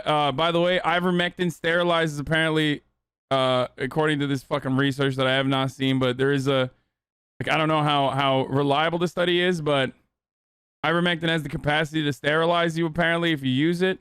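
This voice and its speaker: Male streamer, 30s, rambling and sarcastic, bright clear voice on a dry close mic. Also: on the high side, little pitch movement, brisk, no echo. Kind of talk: casual livestream commentary.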